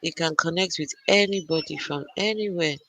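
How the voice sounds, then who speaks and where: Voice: medium pitch, moderate pace, a bit bright, no room sound, poor audio. An adult parent hosting a casual live stream from a gaming arena computer, chatting and greeting viewers by name. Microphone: arcade computer, no camera.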